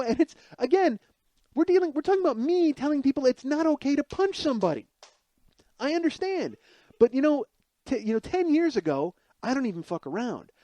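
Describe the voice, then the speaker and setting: A man's voice: a little high, mellow, dry recording. A man in his forties, a podcast host, telling a comic personal story in a profane, rambling, self-deprecating monologue. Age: 40s.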